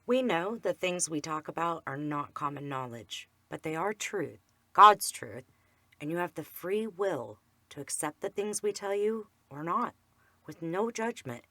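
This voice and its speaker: Woman podcast co-host, earnest and emphatic, slightly low voice with a bright edge. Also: expressive, measured pace, dry recording. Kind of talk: faith podcast storytelling.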